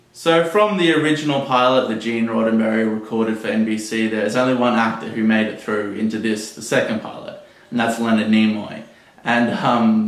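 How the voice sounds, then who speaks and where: Blunt, swearing man in an echoey room. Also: medium pitch. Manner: swears freely, blunt and jokey. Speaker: podcast host reviewing an episode. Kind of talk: casual commentary. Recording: roomy echo.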